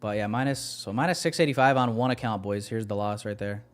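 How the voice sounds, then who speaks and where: A man's voice: lowish voice, brisk. A young man giving live commentary on his trades to a stream chat, casual and self-deprecating.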